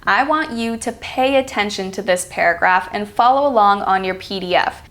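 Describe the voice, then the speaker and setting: A woman with an American accent teaching an online accent reduction lesson, slowing down to stress example words and acting out short sample sentences. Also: medium pitch, a bit bright. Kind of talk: online lesson, clear instructional delivery.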